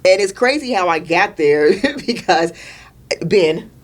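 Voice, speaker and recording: A woman's voice: fairly low pitch, takes it slowly. A middle-aged woman, a retired Navy master chief, telling stories casually as a podcast guest, slipping into slang and acting out the people she quotes. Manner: animated, acts out voices in her stories; casual, uses everyday slang. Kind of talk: casual storytelling conversation.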